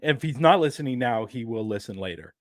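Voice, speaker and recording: A man's voice: mid-range voice, lively intonation, fairly quick, no room sound, clean studio sound. A man hosting a podcast in casual chat, loose and chatty, often laughing. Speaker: podcast host.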